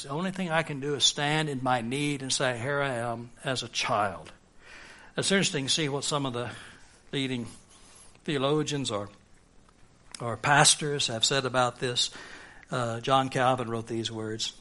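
A man's voice: mid-range voice, normal speed, sharp tone. A man preaching a sermon on humility, earnest and rising to emphatic peaks. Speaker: pastor.

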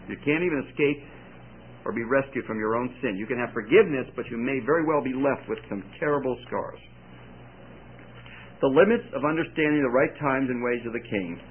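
A man preaching a sermon, telling stories with lively delivery and sudden shouted quotes. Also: medium pitch. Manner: animated storytelling with shouted quotes. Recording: tinny phone-like recording with faint hiss.

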